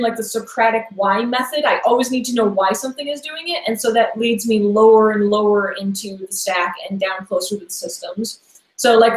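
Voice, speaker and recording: A woman guest in a casual interview, talking in a rambling, chatty way with lots of "like" and restarts. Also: on the high side. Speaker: podcast guest. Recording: echoey room sound.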